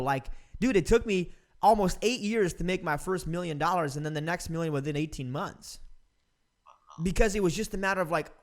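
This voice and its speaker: A man in his thirties hosting a podcast, talking in an upbeat, emphatic, motivational way. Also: fairly high pitch. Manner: upbeat, emphatic, calls listener "dude" and "man". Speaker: podcast host. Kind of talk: casual motivational interview talk.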